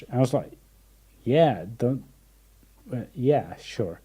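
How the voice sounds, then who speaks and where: A young podcast host chats casually in a mellow, dark-toned, slightly rough voice of medium pitch, with lively intonation at a measured pace. He rambles through stories, often restarting sentences and acting out what people said to him.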